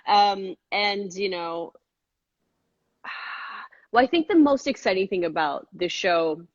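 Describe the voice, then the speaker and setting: Animated woman guest, dry lo-fi sound. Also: dry recording. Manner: animated, jumps into high-pitched quoted voices. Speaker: actress and filmmaker guest. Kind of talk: casual interview chat.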